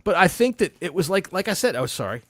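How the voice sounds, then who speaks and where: A man's voice: high voice, big pitch swings, fast, a bit bright, no echo. A man hosting a casual sports podcast, ranting and swearing freely. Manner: profane, ranting, mock announcements. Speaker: podcast host.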